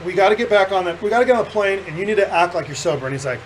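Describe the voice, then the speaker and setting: A man with a notably high voice hosts a casual podcast, telling a rowdy story with lots of swearing and laughter. His delivery is animated and loose, like chatting with friends. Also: very fast, slight background noise, rough recording. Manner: animated, profane storyteller who laughs through the punchlines. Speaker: podcast host.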